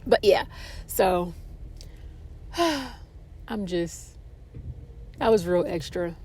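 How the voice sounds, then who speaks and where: A woman hosting a casual podcast, telling a story in an animated, dramatic way. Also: extremely slow, a little hiss or hum. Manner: animated and dramatic, with expressive pitch jumps. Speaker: podcast host.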